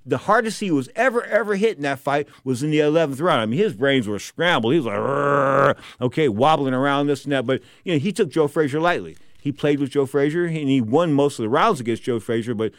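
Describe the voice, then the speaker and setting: A man's voice: on the high side, expressive, fast talker, hardly any pauses, no echo, clean studio sound. An older man hosting a boxing talk show, giving casual commentary in a rambling, digressive way full of wisecracks.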